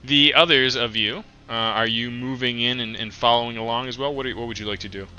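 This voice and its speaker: A man narrating as game master for an online tabletop game, halting and filler-heavy, pressing his players for detail. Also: mid-range voice, fairly even intonation, sharp tone, lo-fi sound, slight background noise.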